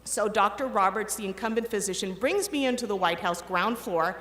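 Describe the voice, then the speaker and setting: A middle-aged woman giving a commencement speech, telling an animated story and acting out the quoted voices. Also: mid-range voice, fairly quick, a little hiss or hum. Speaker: commencement speaker. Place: large ceremony hall. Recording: echoey hall with long reverb, faint ambience.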